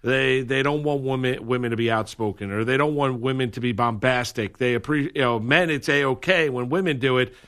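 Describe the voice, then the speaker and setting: A man's voice: medium pitch, normal speed, few pauses, a bit bright. A man co-hosting a sports radio show, talking casually with lots of fillers and restarts. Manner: hesitant, many fillers and restarts.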